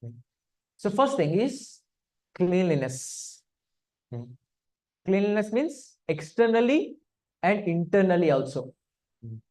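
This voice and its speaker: A man's voice: a little high, darkish tone. A man leads a scripture study class. He keeps it interactive, asking the room questions and humming between his points. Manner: interactive, asks the audience questions, frequent hums. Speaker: spiritual teacher.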